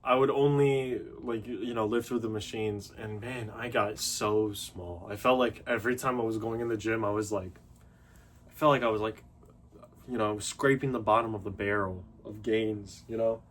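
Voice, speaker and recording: A man's voice: fairly low pitch, fairly even intonation, moderate pace. A young man talking casually to the camera as a fitness vlogger, loose and self-mocking, full of fillers and restarts. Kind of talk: casual rambling monologue.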